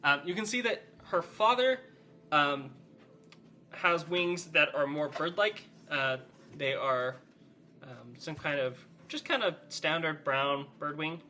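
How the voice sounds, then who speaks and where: A man runs a tabletop game as game master. His narration rambles and is full of fillers, and the voice is very bright and slightly raised. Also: fairly high pitch, slow, a little hiss or hum.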